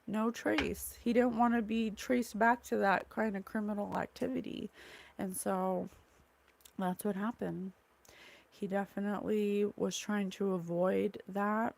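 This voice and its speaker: A woman who is a psychic medium, speaking at home in a rambling, halting way and blurting out single words she says come from spirit. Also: medium pitch, level tone, creaky, a little mellow. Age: adult, mother of a young child. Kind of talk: solo spirit channeling monologue. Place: at home, in a room with curtains and a candle.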